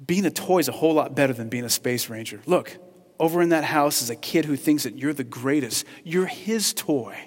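A man's voice: fairly high pitch, fairly quick, slightly rough, big-room sound. A man playing an earnest toy cowboy. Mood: reassuring. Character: reassuring male toy cowboy.

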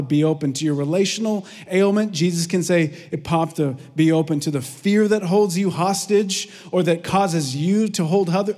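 A man preaching in a big reverberant hall, his voice sitting a touch high for a man. He tells stories with lively energy, then sinks into soft, earnest prayer. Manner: earnest, lively storytelling with hushed prayerful lows. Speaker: pastor. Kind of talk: sermon. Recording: long reverb of a large hall.

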